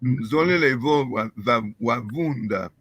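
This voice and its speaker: A man with a middle-pitched voice repeats practice phrases in a language class, careful and brief. He answers when called on and keeps it short. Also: takes it slowly, fairly bright tone, husky, no echo. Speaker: language student.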